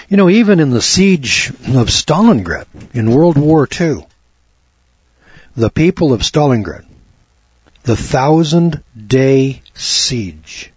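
A man preaching a fervent sermon, emphatic and given to repeating words, his voice climbing high when he gets worked up. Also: a little mellow, husky, no echo. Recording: dull, dry lo-fi recording.

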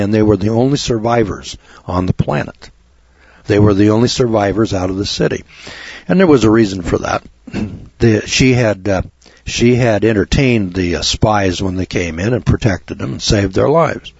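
Blunt, husky-voiced lay preacher, a man. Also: fairly low pitch, darkish tone, dry recording, lo-fi sound. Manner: blunt, folksy, rough-spoken. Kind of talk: informal sermon.

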